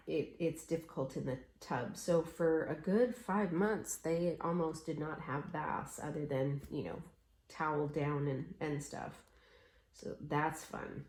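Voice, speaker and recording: A woman's voice: low-pitched, darkish tone, roomy sound. A middle-aged woman chatting casually while she stitches, telling stories and acting out the voices of people in them. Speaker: cross-stitch vlogger.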